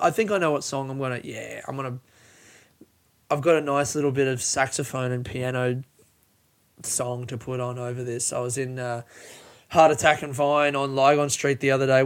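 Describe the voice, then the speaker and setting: A man's voice: mid-range voice, clean tone. A man hosting a podcast on his own, talking in a rambling, frank, self-mocking way and swearing often. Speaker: podcast host and stand-up comedian. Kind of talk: casual solo podcast monologue.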